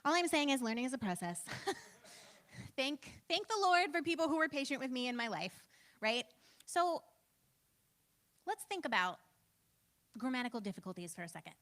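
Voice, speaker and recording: Animated woman in her thirties teaching. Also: high voice, moderate pace, long pauses. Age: 30s. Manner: chatty, self-deprecating, frequent "like" and "um". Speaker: church trainer and pastor. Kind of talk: casual teaching talk.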